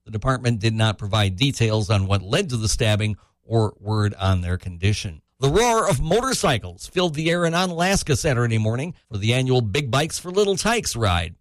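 A man reading local radio news in a brisk, even newsreader delivery. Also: mid-range voice, no echo. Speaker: news anchor. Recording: dry studio voice-over.

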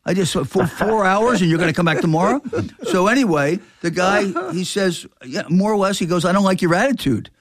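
A man's voice: high-pitched, normal speed, dry recording, clean studio sound. An older man, a record store owner telling a story in casual chat, acting out the voices of people in it. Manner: animated, acts out quoted dialogue.

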